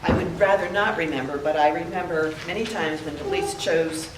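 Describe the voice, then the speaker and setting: An older woman giving a heartfelt memorial tribute, telling stories with pauses. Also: low-pitched, heavy background noise. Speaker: eulogy speaker. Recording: echoey room, heard from a distance.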